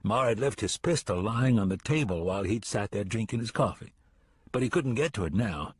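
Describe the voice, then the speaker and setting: A man narrating an audiobook in a steady, even reading. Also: fairly low pitch, a little fast, husky, dry recording, studio quality. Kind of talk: scripted narration.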